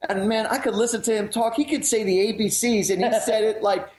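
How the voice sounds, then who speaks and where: A man's voice: sits high, fairly even intonation, a little fast, darkish tone, reverberant, poor audio. A man co-hosting a radio show, chatting casually, joking and rambling with frequent laughs.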